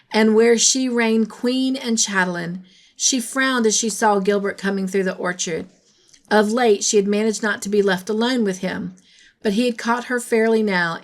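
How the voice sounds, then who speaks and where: Woman, storybook narrator, gentle, measured, mid pitch. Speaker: storybook reader. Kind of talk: scripted narration of a classic novel.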